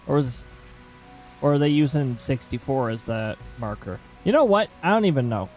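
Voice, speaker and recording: A man's voice: mid-range voice, animated, normal speed, a little mellow, soft background music, poor audio. A man streaming a game, chatting casually with rambling asides.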